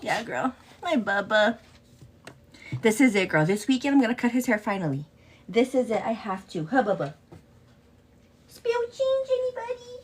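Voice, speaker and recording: A woman's voice: mid-range voice, animated, moderate pace, breathy edge. A woman hosting a casual get-ready-with-me makeup show, chatting affectionately and greeting viewers in a sing-song way.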